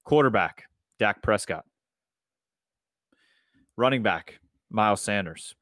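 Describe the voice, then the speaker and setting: A man's voice: fairly low pitch, animated, slow, a bit bright, no echo, clean studio sound. A married man co-hosting a casual sports podcast, telling stories in a laid-back way. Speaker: podcast co-host.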